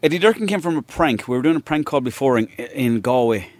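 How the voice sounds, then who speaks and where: An Irish man tells rambling anecdotes as a podcast guest, swearing freely and laughing along the way. His voice sits at a middle pitch, and the sound is dry and close. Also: lively intonation, fast, darkish tone, no echo. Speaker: guest, actor and comedian. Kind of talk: casual anecdotal storytelling.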